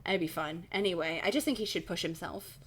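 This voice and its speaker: A woman's voice: fairly low pitch, fairly quick, fairly bright tone, slightly rough. Casual woman streamer reading aloud. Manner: casual, swears, laughs at own slips. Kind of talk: live-stream read-aloud with chatty asides.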